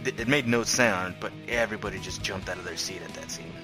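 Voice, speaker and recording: A man with a low voice, chatting loosely and telling a story with lots of "like" and jokes. Clear music plays behind him. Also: quick pace. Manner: chatty storyteller, laughs often, jokey. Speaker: podcast co-host. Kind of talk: casual chat.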